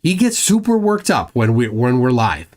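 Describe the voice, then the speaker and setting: A man's voice: medium pitch, sing-song, normal speed, darkish tone. A man hosting a casual live stream, rambling with many fillers and restarts and making mocking asides. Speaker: livestream host.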